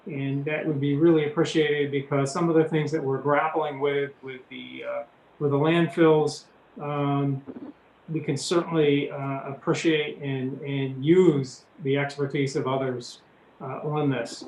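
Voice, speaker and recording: A man's voice: fairly high pitch, little pitch movement, a little mellow, a little hiss or hum. Hesitant male chairman in an echoey room. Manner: halting, with many fillers. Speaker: commission chairman. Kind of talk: chairing a public meeting.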